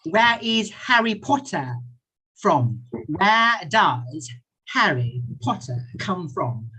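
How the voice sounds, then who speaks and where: Husky man teaching English, lively. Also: high voice. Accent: British English. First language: Thai. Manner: playful, repeats questions slowly, chuckles often. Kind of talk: online class teaching. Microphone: computer mic on a video call.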